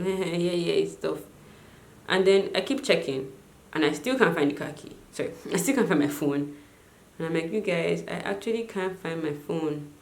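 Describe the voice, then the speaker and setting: A young woman telling a storytime vlog in an animated way, full of "like". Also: deep voice. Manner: animated, lots of filler "like". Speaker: vlogger. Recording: echoey room.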